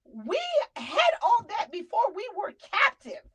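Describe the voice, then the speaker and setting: A middle-aged woman hosting a casual talk show, animated and preachy, now and then shouting out names. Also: very high-pitched, unhurried, rough recording. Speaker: show host.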